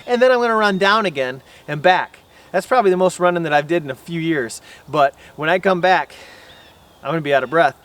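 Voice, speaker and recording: A man with a slightly high, slightly bright voice speaks a little fast, out of breath after running. He hosts a bowhunting channel and explains things in a folksy, rambling way outdoors at an archery range.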